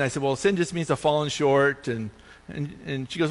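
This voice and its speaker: Man, pastor, animated sermon, high-pitched, long hall reverb. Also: fairly quick. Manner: animated preaching, voice rising high for emphasis.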